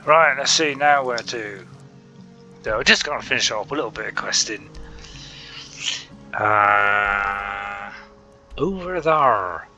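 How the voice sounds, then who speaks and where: A man's voice: lowish voice, animated, slow, pauses often, pushed and bright, soft background music, poor audio. A man hosting a casual gaming video, chatting and joking over his gameplay through a console app mic. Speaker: gaming channel host. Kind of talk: casual game commentary. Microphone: console app chat mic.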